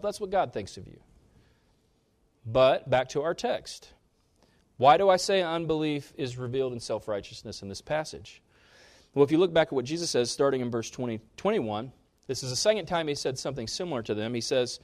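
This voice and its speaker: A man preaching a sermon, rising sharply in pitch and loudness on key points and dropping low between them. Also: animated, a little fast. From Kansas. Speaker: pastor.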